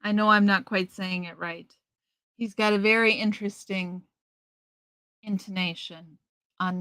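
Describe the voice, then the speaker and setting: Middle-aged woman host, unhurried and rambling, bright tense tone, dry close sound. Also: mid-range voice, fairly even intonation, clear, resonant tone, no echo. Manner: chatty, slow, rambling with restarts. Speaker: live stream host. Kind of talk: casual live stream chat, reading out viewer comments.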